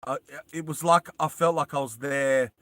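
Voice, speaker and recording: A casual livestream from a van features an Australian man who rambles along, welcoming viewers and replying to chat aloud. His voice is fairly high and steady with a sharp tone at a moderate pace, and the recording is dry.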